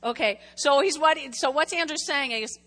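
A woman's voice: high voice, normal speed, sharp tone. A woman preaching a chatty, conversational sermon, often checking in with her congregation. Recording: long echoing hall reverb.

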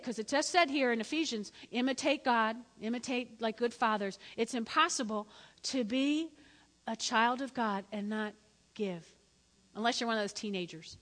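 A middle-aged woman preaches with bright, forceful energy, joking and acting out little scenes as she goes. Her somewhat high voice rings out through a large hall with long, trailing reverb. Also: normal speed. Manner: animated, jokey, acts out voices. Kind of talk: lively sermon.

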